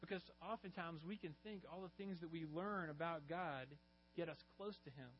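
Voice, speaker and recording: A man's voice: on the high side, normal speed. Earnest preacher man, faint hum. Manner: earnest storytelling preacher, rising emphasis on key lines. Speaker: pastor. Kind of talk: sermon. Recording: muffled recording with faint mains hum.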